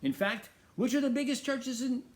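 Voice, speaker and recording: A middle-aged man hosts a talk show in a high voice. He preaches emphatically and asks rhetorical question after question. He often repeats key phrases for weight. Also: normal speed. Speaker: radio show host. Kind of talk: preaching monologue.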